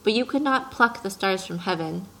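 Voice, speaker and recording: A woman's voice: mid-range voice, lively intonation, moderate pace, fairly bright tone, poor audio. A woman voicing an earnest, curious young boy who keeps asking questions, in an audiobook reading.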